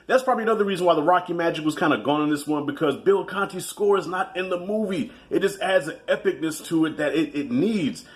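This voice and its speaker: A man hosting a casual movie review video, talking in a loose, profane, chatty way. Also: on the high side. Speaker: movie reviewer, channel host.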